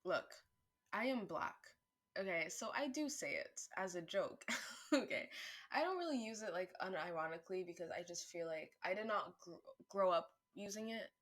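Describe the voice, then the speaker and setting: A woman vlogger thinking aloud in a casual monologue, rambling with restarts, swearing freely, and turning louder and higher when worked up. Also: normal speed. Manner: animated, rising pitch and volume when worked up.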